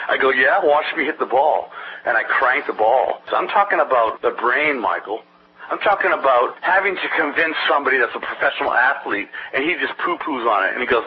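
A man pitches his brain-training program in an interview, rambling from one anecdote to the next in a salesy way. The audio is dull and lo-fi, with a faint hiss under his voice. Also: lively intonation, brisk.

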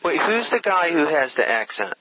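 A male host breaks in with quick questions. His voice is husky and lively in pitch, on dry, dull lo-fi audio. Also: no echo. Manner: interjecting, clarifying questions. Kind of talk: casual interview questions.

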